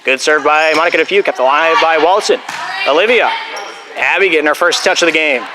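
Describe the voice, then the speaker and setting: A young man doing volleyball play-by-play in a school gym, calling the plays fast and dropping jokey, rambling asides, a bit out of breath. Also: fairly high pitch, noisy background. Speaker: play-by-play announcer. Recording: loud gym ambience.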